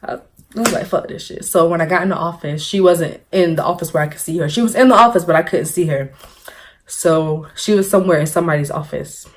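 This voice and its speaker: A young woman telling a story-time vlog, animated and laughing, acting out what people said. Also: on the low side, fast talker, a little hiss or hum. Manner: animated, laughing, acts out quotes. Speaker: vlogger.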